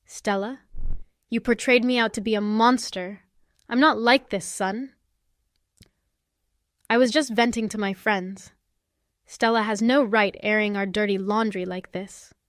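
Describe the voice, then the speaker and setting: A woman voicing a defensive, scheming older mother-in-law who protests and pleads in a smooth, dry voice. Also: medium pitch, fairly even intonation, a little slow, long pauses, no room sound, close to an everyday voice. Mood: pleading. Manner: indignant, pleading.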